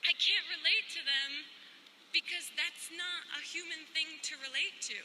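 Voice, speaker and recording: A young woman delivers a commencement address with a high, very bright and piercing voice. She keeps it comic and self-deprecating, poking fun at herself between encouragements. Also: fairly even intonation, moderate pace, slight background noise, poor audio. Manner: playful, self-deprecating humor. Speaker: commencement speaker. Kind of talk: comedic commencement speech.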